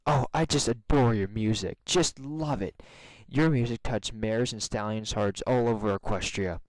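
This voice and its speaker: A man reading a fan story aloud, voicing a flattering, defensive young male pony who used to be a bully. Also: medium pitch, normal speed, no room sound, lightly acted, low-quality recording.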